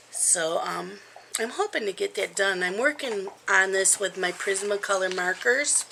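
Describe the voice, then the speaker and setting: A woman's voice: mid-range voice, vocal fry, background noise. A woman in her fifties chatting casually at home in a rambling vlog, with frequent ums. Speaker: crafting vlogger.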